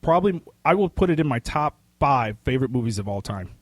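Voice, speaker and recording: A man co-hosting a casual pop-culture podcast. He talks in a rambling, excitable way with casual swearing, and his voice is getting hoarse. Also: mid-range voice, fast talker, dry recording. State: losing his voice. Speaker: podcast co-host. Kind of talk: casual chat.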